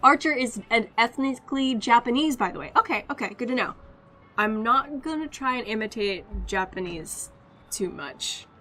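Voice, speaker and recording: A woman's voice: on the high side, expressive, normal speed, fairly bright tone, a little hiss or hum. A woman streamer chatting casually and laughing a lot, joking at her own expense. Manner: chatty, giggly, self-deprecating. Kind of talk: casual gaming stream chat.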